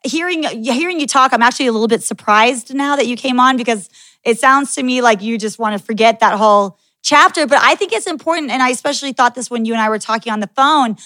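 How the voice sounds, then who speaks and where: A woman's voice: on the high side, fast, sharp tone, dry recording. Casual woman podcast host, dry sound. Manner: candid, swears, laughs often. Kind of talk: casual interview chat.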